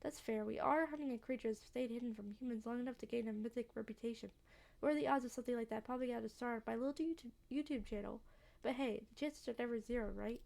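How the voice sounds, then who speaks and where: A woman's voice: a little high, quick pace, creaky, darkish tone. Woman reading as a breezy young vlogger. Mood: chatty. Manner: chatty, breezy storytelling. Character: cheerful young woman cryptid-hunting vlogger.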